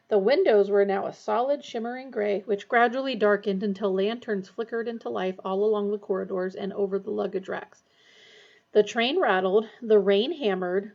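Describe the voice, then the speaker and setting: Woman, storybook reader, steady and expressive, dull lo-fi recording. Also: medium pitch. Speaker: audiobook reader. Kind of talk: storybook narration.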